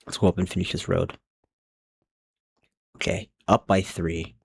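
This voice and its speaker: A man's voice: deep voice, little pitch movement, a little slow, gravelly, slightly rough. A young man chatting casually on a live stream while he plays a game, thinking aloud and rambling from one thought to the next.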